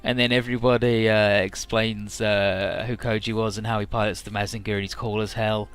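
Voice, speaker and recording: A man casually recapping a game's story as a let's-play commentator, full of fillers and swearing, often jumping into quick mock voices for the characters. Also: lowish voice, little pitch movement, fairly bright tone, soft background music.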